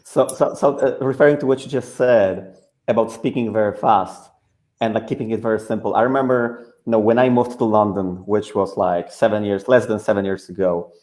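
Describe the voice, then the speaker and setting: A man's voice: lowish voice, steady tone, a little fast, darkish tone. A man whose first language is Polish, hosting an online webinar in English and telling stories in a chatty way, full of "like". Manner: chatty, leans on "like". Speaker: host, school founder. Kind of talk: casual webinar storytelling. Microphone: video call.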